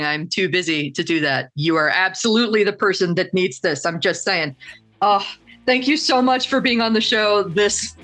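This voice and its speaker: A woman's voice: mid-range voice, sharp tone. A woman hosting a podcast in casual chat, telling stories with animation and laughing often. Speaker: podcast host.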